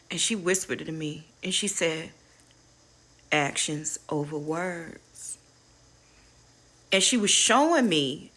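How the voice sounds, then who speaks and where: A lowish, slightly bright voice belongs to a middle-aged woman running a spiritual advice channel. In a casual, uplifting talk she gets candid and preachy about life lessons, swears freely, and refers to her viewers as y'all.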